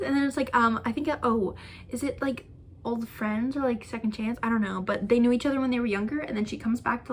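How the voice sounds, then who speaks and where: A woman's voice: fairly high pitch, a little hiss or hum. Gushing young woman rambling about books. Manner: gushing, rambling with many fillers and restarts. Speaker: book vlogger. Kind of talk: casual chat.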